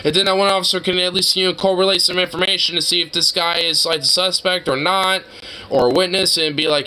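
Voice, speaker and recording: A man's voice: high-pitched, steady tone, fast, bright, forceful tone, smooth, poor audio. A man reacting to a video with casual, profane, exasperated commentary full of fillers.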